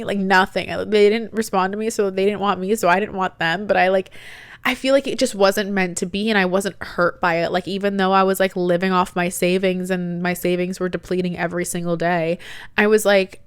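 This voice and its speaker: A young woman in her late twenties tells her own story in a casual, animated style, with "like" in nearly every sentence. Her voice is smooth and clean, recorded close and dry with no room sound. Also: mid-range voice, a little fast, no room sound. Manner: chatty, animated, heavy use of "like". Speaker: podcast host.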